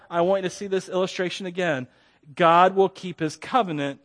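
A man preaching a sermon, telling stories with lots of laughter and acting out the characters' lines. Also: high-pitched. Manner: animated storytelling, laughs often, acts out voices. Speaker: pastor.

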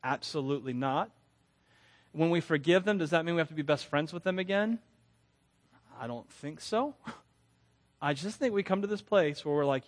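A man's voice: a little high, moderate pace, pauses often. A man giving a conversational sermon, candid and self-deprecating, often laughing between phrases and restarting words when earnest. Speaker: preacher.

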